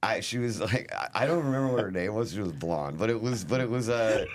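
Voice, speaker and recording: A man's voice: on the low side, lively intonation, fairly quick. A man, a comedian guest, rambling and laughing through a casual comedy chat. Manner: rambling, laughing, fond of put-on accents.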